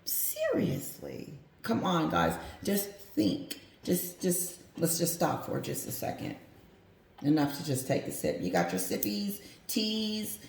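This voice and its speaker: A woman's voice: on the low side, sing-song, measured pace, gravelly, slight background noise. A woman giving casual commentary, emphatic and repetitive, talking straight to her viewers. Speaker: commentary vlogger. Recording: roomy echo.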